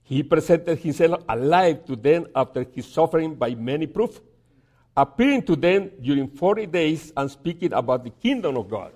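A man preaching a sermon, telling a story and reading scripture aloud, with halting repeats and dramatic pauses. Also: fairly high pitch, animated, darkish tone. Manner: reads scripture aloud slowly.

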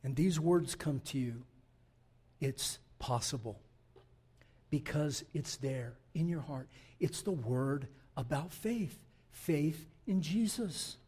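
A man preaching a sermon as pastor, speaking in slow, emphatic phrases that build in volume. He addresses the congregation directly. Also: fairly high pitch, mellow, breathy edge.

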